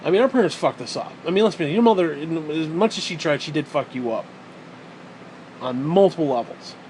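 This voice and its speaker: A man in his forties riffing through a rambling, foul-mouthed rant, sarcastic and blunt. His voice sits a little high for a man. A faint hum of background noise lies under it. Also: animated, a little fast, darkish tone, poor audio. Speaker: vlogger. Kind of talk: rambling monologue.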